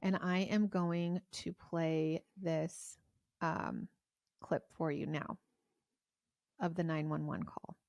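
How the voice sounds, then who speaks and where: A woman's voice: low voice, animated, slow pace, vocal fry, long pauses, darkish tone, dry recording, lo-fi sound. A woman hosting a podcast, telling a true crime story in a chatty way with many fillers. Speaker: podcast host.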